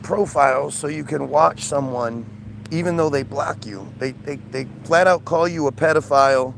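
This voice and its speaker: A man with a slightly high, gravelly voice tells a rambling story to his live feed, exasperated and acting out the people he quotes. He is outdoors, and traffic hums faintly behind him. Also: normal speed. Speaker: streamer.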